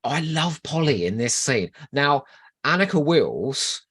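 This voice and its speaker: A man's voice: on the high side, very animated, a little slow, a bit bright, slightly rough. A man co-hosting a podcast in casual fan chat, playful and teasing with mock outrage. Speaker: podcast co-host.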